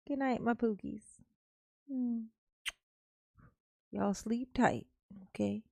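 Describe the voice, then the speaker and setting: A woman's voice: medium pitch, creaky, a little mellow, no room sound. A woman hosting a casual livestream, talking in an affectionate, playful sing-song way and laughing with her viewers. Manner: calls herself Mama, drawn-out words. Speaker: livestream host.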